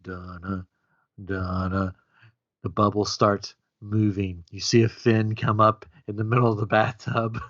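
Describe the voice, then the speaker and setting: An animated man spins a jokey made-up story, his bright, forceful voice jumping into high-pitched bursts. The audio is a bit dull and lo-fi. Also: moderate pace, hardly any pauses. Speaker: podcast co-host. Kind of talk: casual playful chat.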